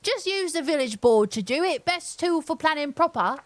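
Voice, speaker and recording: A woman's voice: high voice, expressive, normal speed, slight background noise, pitched above the performer's own voice. A woman voicing a cheery, bossy male villager in a put-on Cockney accent while reading game dialogue aloud. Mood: chirpy.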